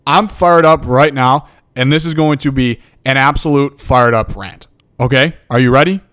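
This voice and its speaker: A man's voice: mid-range voice, moderate pace, fairly bright tone, clean tone. A young man, a football coach, hosting a motivational podcast and delivering a fired-up rant that keeps checking in with "okay?". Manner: fired up, emphatic, repeats "okay?".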